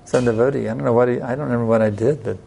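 A man teaching a devotional scripture class in an unhurried, plain-spoken way, telling personal stories. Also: mid-range voice, fairly even intonation, vocal fry, dark tone, slight background noise.

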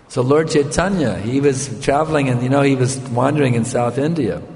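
An older male spiritual teacher with a gravelly, slightly mellow, medium-pitched voice tells a story during a sermon. He keeps conversationally checking in with his listeners, and a long hall reverb trails each word.

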